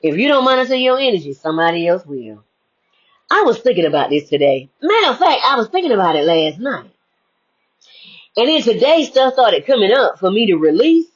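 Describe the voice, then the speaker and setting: A woman's voice: medium pitch, very animated, brisk, slightly rough, lo-fi sound. A woman speaking as a spiritual life coach in an emphatic, preachy monologue that repeats its key phrases.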